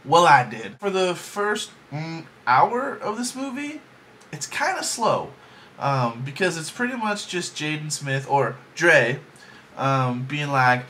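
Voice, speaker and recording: A man with a bright, forward voice rambles through a casual movie review at home in his bedroom. He jokes as he goes and fills his talk with ums and likes. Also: on the high side, sing-song, slow pace, a little hiss or hum.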